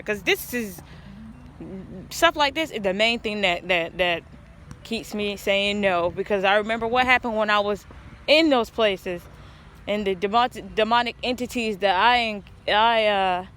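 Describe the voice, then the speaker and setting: This vlogger tells a lengthy personal story outside, with an earnest, rambling, stop-start delivery that keeps restarting sentences. Her mid-range voice is bright and forceful at a normal speed, with slight background noise.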